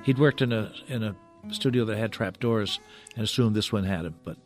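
An older man, a puppeteer, telling stories in a halting, rambling way as a guest in a radio studio. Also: lowish voice, faint music behind. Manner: rambling, halting, full of restarts. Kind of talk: radio interview storytelling.

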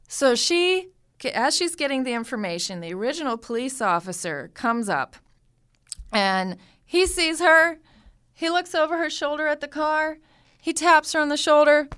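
A woman in her thirties telling a personal family story with lively, animated delivery. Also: sits high, normal speed. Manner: lively, animated retelling with acted-out quotes. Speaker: storyteller guest.

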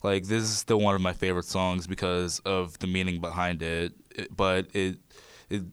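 Teen male guest, very low flat voice, clear and dry, reflective and a little hesitant. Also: moderate pace, no echo. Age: teens. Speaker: student musician guest. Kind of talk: radio interview.

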